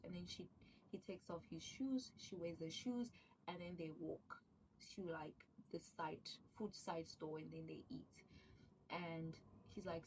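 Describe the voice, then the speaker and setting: A woman casually recapping a drama series, excitable and animated, acting out the characters' lines as she goes. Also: lowish voice, measured pace, far from the mic, a little hiss or hum, rough recording. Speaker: show recapper.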